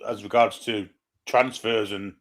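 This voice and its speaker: A man's voice: on the low side, steady tone, unhurried, a bit bright. A man co-hosting a football stream, chatting casually with dry, joking asides. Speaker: co-host.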